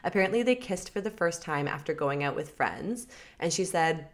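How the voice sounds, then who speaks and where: A woman's voice: deep voice, lively intonation, normal speed. A young woman co-hosting a casual gossip podcast, upbeat and chatty, laughing often. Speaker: podcast co-host. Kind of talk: casual celebrity gossip chat.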